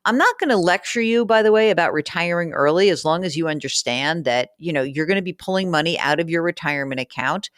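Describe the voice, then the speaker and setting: A woman's voice: lowish voice, quick pace, few pauses, no room sound, clean studio sound. A woman hosting a personal finance podcast, talking through listener letters in a frank, chatty, teasing way. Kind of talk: casual advice talk, reading listener letters.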